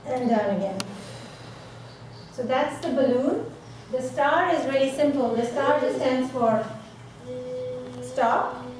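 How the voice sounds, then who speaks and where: High woman leading exercises in an echoey hall. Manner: instructive, coaxing, repeats words. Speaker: workshop presenter. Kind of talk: live talk leading breathing exercises. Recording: echoey room from far off, noisy.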